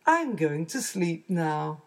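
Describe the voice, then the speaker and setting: A woman's voice: sits low, big pitch swings, slow pace, exaggerated voice. A woman voicing a curious, fussy little girl who exclaims about everything in a storybook reading. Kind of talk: storybook read-aloud.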